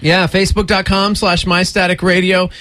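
Radio morning host, male, bright and forceful tone, quick joking delivery. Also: high-pitched, flat delivery, no echo. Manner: jokey, quick, laughs often. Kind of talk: casual studio banter. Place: radio studio. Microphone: studio microphone.

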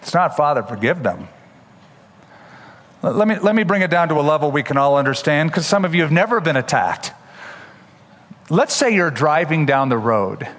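A man's voice: on the high side, animated, fairly quick, a bit bright, long reverb tail. A man preaching a sermon as pastor, explaining scripture with humorous asides.

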